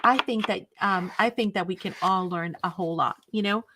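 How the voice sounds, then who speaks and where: A woman's voice: mid-range voice, a little fast, noisy background. A woman hosting a craft live stream, chatting casually with viewers in an enthusiastic, rambling way.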